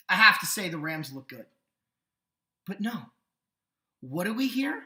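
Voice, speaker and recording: A man's voice: sits high, big pitch swings, unhurried, long pauses, sharp tone, reverberant. A man hosting a sports podcast, ranting indignantly with sarcasm. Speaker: podcast host. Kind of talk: sports opinion rant.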